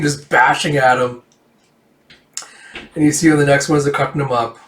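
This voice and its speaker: A man's voice: mid-range voice, fairly even intonation, normal speed, long pauses, fairly bright tone, a little hiss or hum. A man casually reading through a comic, rambling with fillers and acting out the dialogue. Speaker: manga reader. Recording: echoey room, distant mic.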